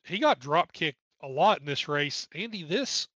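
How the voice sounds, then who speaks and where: A man's voice: a little high, lively intonation, normal speed, fairly bright tone, no echo, lo-fi sound. A man with an East Tennessee accent, co-hosting a podcast and chatting wryly through an old race recap. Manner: chatty, wry, jokes between driver lists. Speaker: podcast co-host. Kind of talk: casual race recap commentary.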